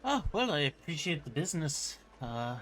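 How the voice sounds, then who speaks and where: A man voicing an elderly woman shopkeeper, worried and weary, talking haltingly with many pauses and fillers. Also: on the high side, very animated, fairly bright tone.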